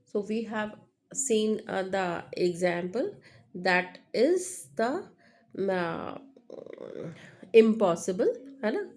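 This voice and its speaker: A woman's voice: medium pitch, lively intonation, slow, pauses often, darkish tone. A woman teaching a lesson on phonology, repeating examples and checking in with "right?". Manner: repetitive, checks understanding with "right?". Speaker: English teacher. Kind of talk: lecture explaining linguistics.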